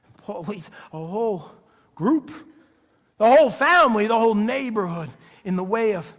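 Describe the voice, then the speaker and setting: A man with a high voice preaching to his congregation in a church sanctuary. He tells the story casually, dropping to near-whispers and then rising to loud, excited passages, with a long echo from the hall. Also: moderate pace. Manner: conversational storytelling, acts out voices with big swings from hushed to loud. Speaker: pastor. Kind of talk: sermon.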